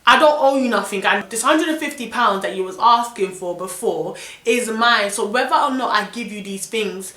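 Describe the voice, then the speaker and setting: A young woman with a London accent telling an animated, indignant storytime vlog full of slang. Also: medium pitch, moderate pace, hardly any pauses, roomy sound. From London, England. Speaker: vlogger.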